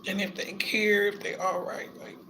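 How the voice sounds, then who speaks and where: A man's voice: sits high, flat delivery, normal speed, background noise. A man vlogging his emotional reaction, talking in a tearful, heartfelt way with casual slang.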